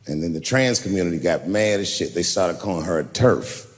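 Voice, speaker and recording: A male stand-up comedian telling stories live, animated and leaping into high shouted punchlines. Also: fairly quick. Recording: live hall with long reverb, faint noise.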